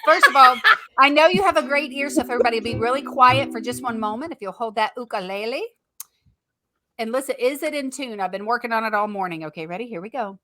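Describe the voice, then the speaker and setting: A woman co-hosting a podcast in casual chat, bubbly, excitable and playful. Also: fairly high pitch, quick pace. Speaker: podcast co-host. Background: ukulele music.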